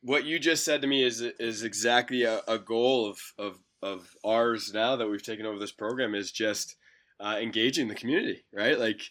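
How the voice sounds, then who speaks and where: A man's voice: on the low side, normal speed, fairly bright tone. A man, a basketball coach talking casually on a podcast and often repeating words as he tells stories. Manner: talkative, repeats words while storytelling. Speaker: university basketball head coach.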